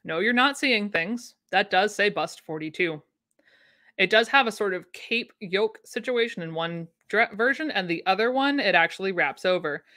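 Bright-voiced chatty woman streaming. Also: mid-range voice, expressive, normal speed. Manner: chatty, enthusiastic, answers viewer comments. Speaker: vintage sewing pattern livestream host. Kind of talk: casual livestream chat. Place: home room.

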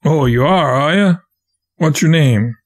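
A man reading the part of a gruff raftsman boss who questions a stowaway in a blunt, commanding way. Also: a little high, unhurried. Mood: stern. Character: gruff grown raftsman boss, stern but fair.

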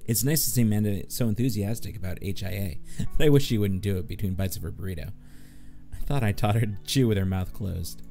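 A man's voice: fairly low pitch, fast talker, gravelly, soft background music. A man playing a dating game and reading its text aloud, joking and voicing the characters. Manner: animated, joking, voices all the characters. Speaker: gamer.

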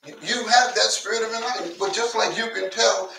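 A male pastor preaches in a high, bright voice, talking like he is telling a story to his people and often stumbling over repeated words. He is caught from a distance in an echoey church, with a faint hiss underneath. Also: a little fast, creaky. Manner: conversational storytelling preacher, repeats words, asks the congregation to listen. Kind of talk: sermon. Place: church sanctuary.

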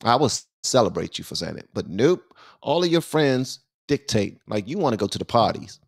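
A man delivering opinion commentary on his own channel. His pitch swings widely as he presses each point, and he repeats words for emphasis in a preachy tone. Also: big pitch swings, a little fast, gravelly.

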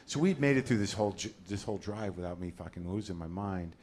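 A man in his forties doing a stand-up comedy set on a club stage, talking in a neurotic, ranting way and loudly acting out voices. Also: sits low, animated, fast, a little hiss or hum. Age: 40s.

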